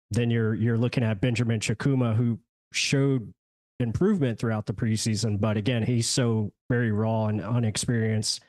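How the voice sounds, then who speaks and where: A man appearing as a podcast guest, giving measured analysis of a team's roster with some hedging. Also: medium pitch, darkish tone, no echo. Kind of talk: casual sports analysis.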